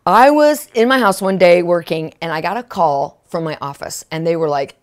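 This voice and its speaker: A woman minister telling a testimony in a sermon, excitable, often laughing and asking "right?" and "okay?". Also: lowish voice, normal speed. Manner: laughs often mid-sentence.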